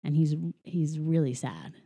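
A woman with a mellow, rounded voice recaps a film in easy conversation. She acts out each character's quotes as she goes, and her talk is full of filler "likes.". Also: low-pitched, a little slow, slightly rough. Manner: animated retelling, acts out quoted lines, frequent "like". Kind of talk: casual movie recap chat.

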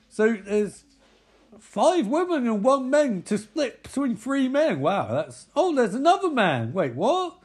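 A man's voice: very high-pitched, big pitch swings, a little slow, a little mellow, breathy edge. A man giving rambling, sweary, sarcastic commentary over a film.

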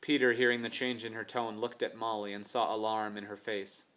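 A man narrating an adventure novel for an audiobook in a steady, even storytelling manner. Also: on the low side, brisk. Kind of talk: scripted narration.

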